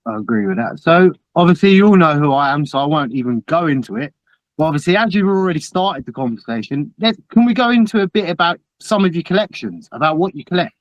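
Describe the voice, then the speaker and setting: A man's voice: fairly high pitch, lively intonation, quick pace, no echo, dull audio. A man hosting a casual online panel, guiding each guest in turn. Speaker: host.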